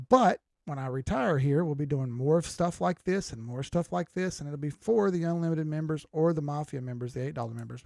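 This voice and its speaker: An older man reads viewer comments during a crypto livestream, his casual talk peppered with swearing. The voice is a little high with vocal fry and a darkish tone, recorded cleanly in a studio with no echo.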